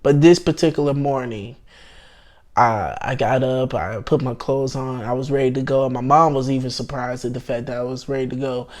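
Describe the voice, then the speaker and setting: A young man telling a personal faith story in a casual storytime, hesitant and full of restarts, swinging between hushed and excited. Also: mid-range voice, moderate pace. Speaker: channel host telling his testimony.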